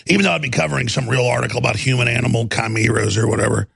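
A male radio talk show host, ranting in a heated monologue with stammered restarts and bursts of shouting. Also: medium pitch, fairly even intonation, very fast, no room sound, studio quality. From Texas. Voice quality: gravelly.

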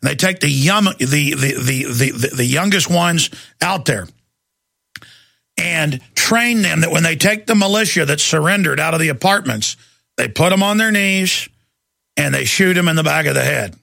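Intense gravelly man, talk radio host. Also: on the high side, animated, normal speed, sharp tone, no echo, studio quality. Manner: intense, emphatic, repetitive.

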